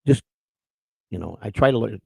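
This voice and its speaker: A man's voice: on the low side, lively intonation, moderate pace, creaky, mellow, husky, no room sound, poor audio. A man co-hosting a live-streamed morning show, chatting in a crude, rambling way, repeating words and greeting people in the chat.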